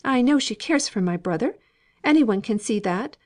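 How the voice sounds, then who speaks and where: A woman voicing an impatient, sharp-tongued young lady of a wealthy household in an audiobook reading. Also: expressive, natural voice. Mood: scornful. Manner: insistent, shrill and quick to contradict.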